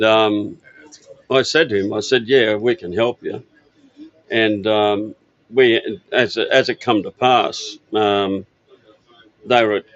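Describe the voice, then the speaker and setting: The recording is muffled with no room sound, carrying the fairly low voice of an older Australian man. He's telling loose, easygoing stories full of fillers about his parts business during a casual interview at an outdoor expo stand.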